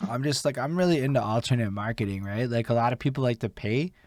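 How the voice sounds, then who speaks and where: A young man with a Canadian accent hosting a casual interview, talking excitedly, swearing often and packing his talk with "like". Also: medium pitch, quick pace. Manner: excitable, swears a lot, heavy use of "like". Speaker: interview host. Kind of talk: casual chat.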